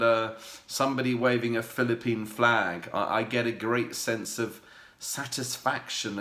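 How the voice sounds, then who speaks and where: Guy vlogging about what he loves, chatty and rambly, ums everywhere, roomy echo. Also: mid-range voice. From United Kingdom. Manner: warm rambling talk with many fillers and restarts. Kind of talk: candid personal vlog.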